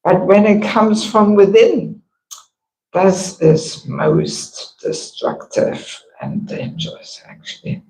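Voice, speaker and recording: An older woman with a croaky voice, giving a slow, earnest devotional class in a temple hall. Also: mid-range voice, darkish tone, a little hiss or hum. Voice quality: croaky, gravelly voice. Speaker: temple speaker.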